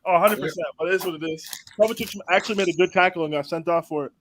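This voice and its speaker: A man on a football stream panel, telling animated stories and acting out his reactions in casual banter. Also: high-pitched, slight background noise. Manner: animated, fast storytelling, acts out reactions.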